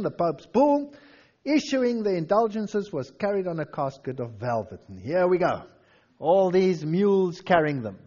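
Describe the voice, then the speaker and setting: A man giving a lively history lecture, telling stories and reading old quotations aloud with dramatic flair. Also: sits high, lo-fi sound.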